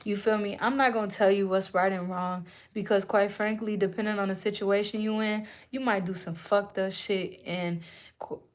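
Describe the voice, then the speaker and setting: A young woman giving a live channeled spiritual reading to her viewers, speaking in a casual, slangy, animated way. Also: mid-range voice, moderate pace. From Puerto Rican and Native American roots. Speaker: spiritual reader. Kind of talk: live-streamed channeled message.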